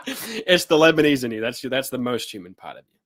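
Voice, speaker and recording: A New man hosts a laid-back live chat. His delivery is loose and teasing, full of fillers and self-corrections. His voice sits at an average pitch for a man. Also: sing-song, normal speed, a bit bright. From New Zealand. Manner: loose, joking, with many fillers and restarts. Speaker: host. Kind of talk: casual livestream chat reading comments.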